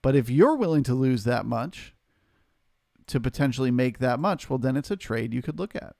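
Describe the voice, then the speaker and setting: A man with a gravelly, fry-tinged voice at a medium pitch talks through a live market stream, calm and explanatory as he takes questions from the chat. The sound is dry and close, with no room around it. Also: normal speed, no echo. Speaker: trading stream host.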